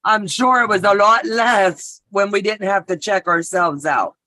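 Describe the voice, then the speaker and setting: A middle-aged woman hosts a live sewing stream, chatting casually while she sews in a medium-pitched, unhurried voice with a sharp tone. She's a talkative storyteller who greets viewers by name.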